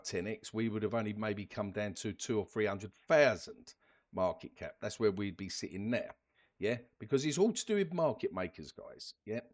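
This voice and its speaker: A man talking casually over his screen as host of a crypto channel, chatty, ending lines with "yeah?" and often restarting his words. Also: lowish voice. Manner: chatty, keeps adding "yeah?" and "guys". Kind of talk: casual screen-share commentary.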